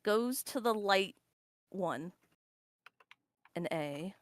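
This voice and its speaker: A woman's voice: medium pitch, lively intonation, drawn-out words. A woman player on a voice call, describing her character's actions in a hesitant, apologetic way.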